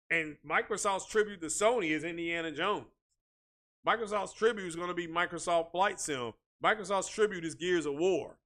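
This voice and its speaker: A man with a high, bright and forceful voice rants through casual tech commentary. He talks in an animated, repetitive way and keeps coming back to "you know" as a filler. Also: moderate pace. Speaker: tech video host.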